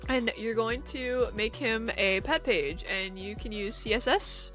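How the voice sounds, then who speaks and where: A young woman streaming and chatting casually with viewers, animated and rambling, laughing often. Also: fairly high pitch, measured pace, faint music behind.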